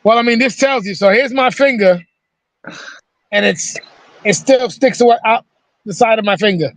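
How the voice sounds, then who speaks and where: A man with a very high voice tells a rowdy, profane story over a video call. His voice is bone-dry and close, and he delivers it with animated, hands-on energy. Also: moderate pace, dry recording. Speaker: host. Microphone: video call mic.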